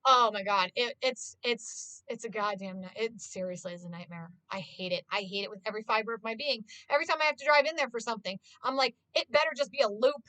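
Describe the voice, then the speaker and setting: A woman with a high, bright voice rants to her stream in casual chat. She swears freely and sounds exasperated. The recording is close and dry, with no room sound. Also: fast, hardly any pauses, no echo, poor audio. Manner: swears constantly, ranting and exasperated.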